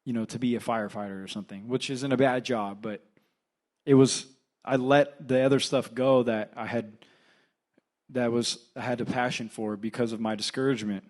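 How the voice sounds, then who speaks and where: A young man with a Californian accent, an assistant pastor telling a personal story in a casual sermon full of fillers. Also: medium pitch. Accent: Californian English. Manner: conversational, filler-heavy storytelling. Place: church.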